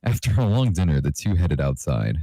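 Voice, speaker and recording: A young man hosting a comedy show, reading fan fiction aloud deadpan and putting on voices for the characters. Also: a bass voice, fairly quick, no echo, rough recording. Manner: reads deadpan, with playful put-on character lines.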